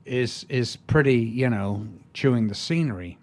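Older man, actor guest, rambling, amused, mid pitch. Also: measured pace. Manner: rambling with many restarts, amused. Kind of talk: casual anecdote in an interview.

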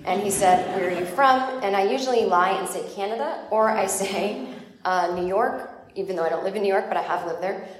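A woman performing a stand-up comedy set, chatty and exasperated, with quick asides. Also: mid-range voice. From United States. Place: comedy show venue. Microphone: phone in the audience. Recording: echoey club taped on a phone.

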